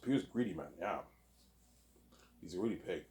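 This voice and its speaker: A man's voice: low voice, animated, moderate pace, darkish tone. A man rambling through a casual solo monologue, repetitive and profane, saying 'obviously' over and over.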